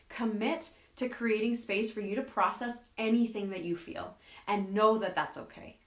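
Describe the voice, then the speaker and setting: A woman hosting a live self-help talk who reads viewer comments and acts out quoted friends in an animated way. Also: medium pitch, reverberant. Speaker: host.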